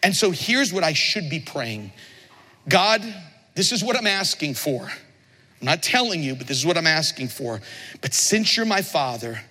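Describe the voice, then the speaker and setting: A man's voice: a little high, sing-song, a little slow, bright, forceful tone. A man preaching a sermon, telling stories animatedly and asking the congregation rhetorical questions. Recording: long reverb of a large hall.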